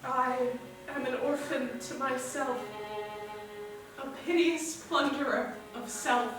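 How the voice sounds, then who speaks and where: A woman's voice: high voice, music in the background. A woman playing a heartbroken young man on a theater stage, mournfully declaiming verse. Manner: slow, mournful, poetic declamation. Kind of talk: live stage drama. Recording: echoey theater from far off, faint hum.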